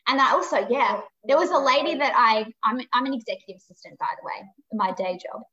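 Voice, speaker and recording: A woman with a fairly high, bright voice tells her story as a podcast guest. She is frank and emphatic, swears freely and acts out past conversations. The audio is dull and lo-fi. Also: animated, quick pace. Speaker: podcast guest, psychic medium.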